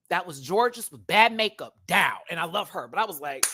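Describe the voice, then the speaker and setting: Guy reviewing reality tv on his stream, super chatty, goes loud then quiet, dry room. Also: a little high, measured pace, no echo. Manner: animated, chatty, swings between loud and hushed. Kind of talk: casual livestream commentary.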